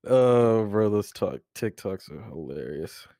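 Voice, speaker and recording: A man's voice: on the low side, mellow, no echo, clean studio sound. A man co-hosting a podcast, teasing and laughing in casual slang-filled chat. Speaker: podcast co-host.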